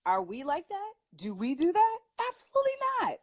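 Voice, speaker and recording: A woman who is a mother, speaking as a talk show guest and giving parenting advice in an emphatic, animated way, laughing often. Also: sits high, moderate pace. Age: adult with children.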